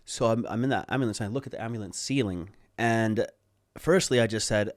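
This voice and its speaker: A man guest telling a story in a relaxed way. He swears freely and acts out quotes. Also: lowish voice, fairly quick, dry recording, studio quality. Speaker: podcast guest. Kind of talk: casual storytelling.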